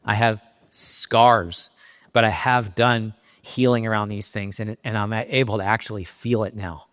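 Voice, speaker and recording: A middle-aged man from Southern California giving a keynote talk, telling a personal story in a halting, emotionally raw way with frequent restarts. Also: fairly low pitch, steady tone, a bit bright. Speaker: keynote speaker. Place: conference stage in a large hall. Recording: reverberant hall sound.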